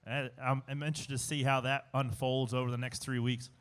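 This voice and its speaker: A man's voice: medium pitch, flat delivery, fairly quick. A young man, a race car driver, chatting in a casual interview, rambling with many fillers and restarts. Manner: rambling, self-interrupting, with filler words and laughs. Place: outdoor live show stage at a racetrack.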